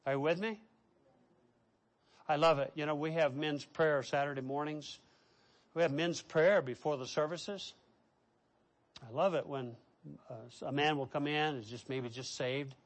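High-voiced emphatic male preacher. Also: fairly even intonation, a little slow, long pauses. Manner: swings from loud preaching to soft asides; emphatic word lists, direct questions to the congregation. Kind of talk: sermon.

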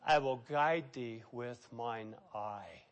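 A man's voice: mid-range voice, takes it slowly, highs cut off. A man preaching a sermon, reading scripture aloud and acting out quotes with a dramatic, preachy delivery. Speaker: pastor.

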